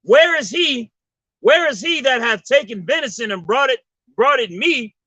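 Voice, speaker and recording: Guy with a high bright voice reading bible verses one by one, muffled lo-fi audio. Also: lively intonation, normal speed, dry recording. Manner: announces each verse number before reading. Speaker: scripture reader. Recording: dull lo-fi sound.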